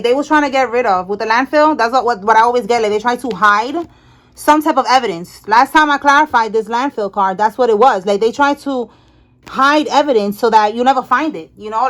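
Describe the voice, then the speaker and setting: A woman giving a casual tarot reading, animated, talking to the cards and to Spirit and repeating herself. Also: on the high side. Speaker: tarot reader.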